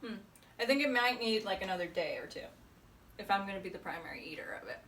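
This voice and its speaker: A woman vlogging casually at home, chatty and relaxed, laughing often between remarks. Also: mid-range voice, quick pace, slight background noise. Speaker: homesteading vlogger. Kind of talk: casual chat to camera. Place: home kitchen indoors.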